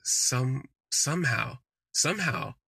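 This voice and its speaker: A man's voice: mid-range voice, lively intonation, slow, gravelly, bright, forceful tone, slightly rough, no room sound. A man hosting a podcast, telling a candid personal story in casual, conversational storytelling with frequent fillers. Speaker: podcast host.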